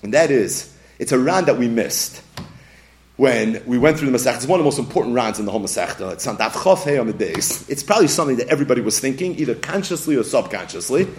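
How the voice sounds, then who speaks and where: Lively fast-talking man teaching Talmud. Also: mid-range voice. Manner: animated, acts out scenes in quick voices, laughs often. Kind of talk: yeshiva-style Talmud lecture.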